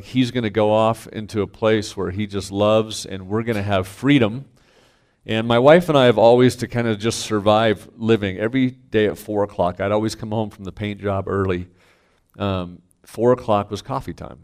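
A middle-aged man, a pastor, telling a candid family story to a congregation, self-mocking and swinging from quiet asides to loud punchlines. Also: lowish voice, fairly even intonation, moderate pace, smooth. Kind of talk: storytelling sermon.

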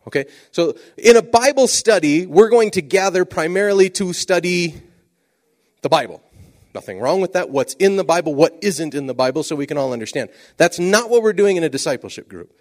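A man preaching a sermon, telling a story with lively swings from loud exclamations to hushed asides. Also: a little high, fairly quick.

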